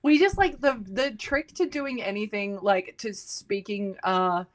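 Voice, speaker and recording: A woman's voice: mid-range voice, unhurried. An Australian woman who is a guest on a casual stream chat, playful and teasing, swearing freely.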